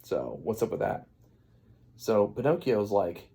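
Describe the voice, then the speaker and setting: A man rambling through an absurd comic retelling of a fairy tale, with deadpan asides. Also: fairly low pitch, measured pace, vocal fry, pauses often, husky. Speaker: comedian storyteller.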